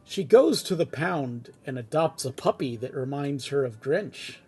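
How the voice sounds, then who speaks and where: A man reading a fan script aloud at home, in a relaxed, chatty way with casual asides. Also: medium pitch, measured pace, husky. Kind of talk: casual read-aloud narration.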